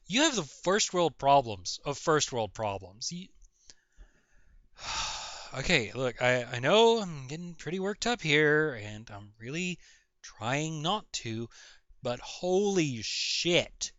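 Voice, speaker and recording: A man's voice: on the high side, very animated, slow, a bit bright, no echo. A man ranting sarcastically in a reaction video, mocking and exasperated, swearing often. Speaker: video commentator. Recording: dull lo-fi recording.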